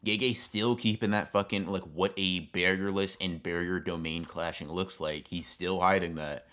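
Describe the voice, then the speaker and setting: Rambling deep-voiced man. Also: fairly even intonation, moderate pace, fairly bright tone. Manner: rambling, filler-heavy, swears. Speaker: stream co-host. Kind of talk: casual chat.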